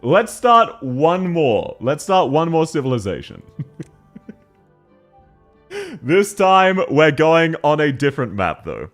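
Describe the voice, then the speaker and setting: A man's voice: on the high side, sing-song, slow pace, long pauses, soft background music. A young man chatting casually on a live stream while playing a game, laughing often and answering chat.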